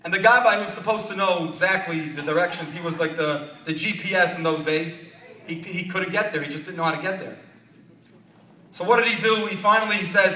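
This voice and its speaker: A man's voice: fairly high pitch, steady tone, a little fast, pushed and bright. A man telling a moving story as the speaker at a dinner, acting out the quoted lines with drama, heard from far off in an echoey hall.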